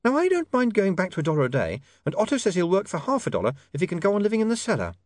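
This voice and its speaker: A prim, snappish young woman reporter, as a male reader puts her on speaks in a raised, proper voice far above the reader's own. The storybook reading is dry and close, with a pitch that swings up and down. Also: wildly swooping pitch, rapid-fire, no echo. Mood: indignant. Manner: primly snappish.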